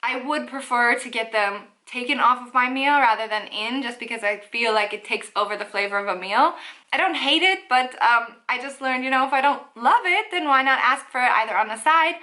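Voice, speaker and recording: A woman's voice: on the high side, fairly quick, pushed and bright. A young woman from Canada with a Canadian accent, chatting upbeat and casually to camera in a vlog. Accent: Canadian English. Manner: chatty and upbeat, with playful asides. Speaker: vlogger.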